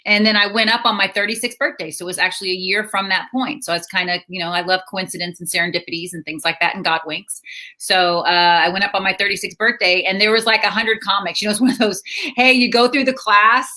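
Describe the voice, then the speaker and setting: A middle-aged woman comedian telling stories in a casual interview, chatty and quick to laugh. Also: medium pitch, fairly even intonation, bright, forceful tone. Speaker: stand-up comedian and counselor.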